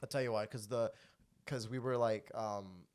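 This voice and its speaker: A man hosting a comedy podcast, telling rambling, profane stories with sudden loud bursts. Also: on the low side, fairly even intonation, normal speed, clean tone. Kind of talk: casual comedy podcast chat.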